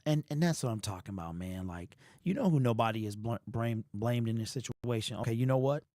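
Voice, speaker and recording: A man's voice: medium pitch, brisk, no room sound, clean studio sound. Emotional man ranting on a fan livestream. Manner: weary and frustrated, building to shouted rants. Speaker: sports fan livestream host.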